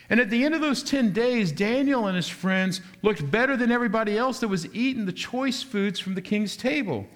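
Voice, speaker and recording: A man's voice: high voice, lively intonation, normal speed. A man preaching a sermon. He asks his listeners rhetorical questions and keeps shifting his pace. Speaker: pastor.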